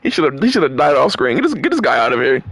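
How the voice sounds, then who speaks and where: A man's voice: mid-range voice, sing-song, rapid-fire, fairly bright tone, no echo. A man playing through a game and reacting to it in casual commentary, with exasperated, profane rants and stumbling restarts. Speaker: gamer reading and reacting to game dialogue.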